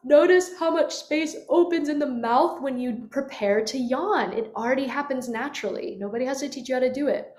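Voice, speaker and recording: A woman's voice: high-pitched, fairly quick, hardly any pauses, a little mellow. A woman voice teacher leading a guided vocal lesson, showing the sounds as she explains them with yawns and sighs. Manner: demonstrative, swoops into yawns and sighs. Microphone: webcam. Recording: echoey room.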